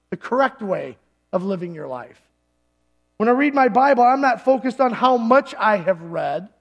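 Pastor, male, very high-pitched, conversational sermon delivery in church. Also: creaky, fairly bright tone. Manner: conversational preaching, acts out quoted voices. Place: church service.

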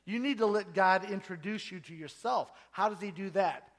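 A man with a high voice preaches a sermon. He tells stories in a lively, conversational way. He acts out the voices and quotes of the people in them. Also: normal speed. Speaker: pastor.

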